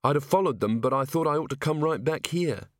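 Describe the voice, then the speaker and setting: A man's voice: a little high, lively intonation, brisk, no echo, voice pushed up, close to an everyday voice. A keen young watchwoman reports her findings in a raised, lighter voice, as a man reads her. The audiobook recording is close and dry. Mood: earnest. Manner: earnest, reporting. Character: young female werewolf watch officer, keen. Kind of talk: audiobook character voice.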